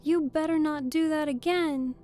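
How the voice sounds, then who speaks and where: A woman's voice: on the high side, takes it slowly, mellow, soft background music. A woman voicing Alice, a curious, polite young girl who thinks aloud to herself. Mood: shouting threat.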